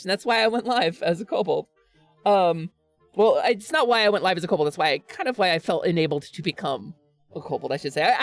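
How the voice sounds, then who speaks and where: Woman, streamer, casual chat, earnest, frequent laughs, restarts sentences, expressive pitch, close dry sound. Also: dry recording. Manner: earnest, animated, laughs often.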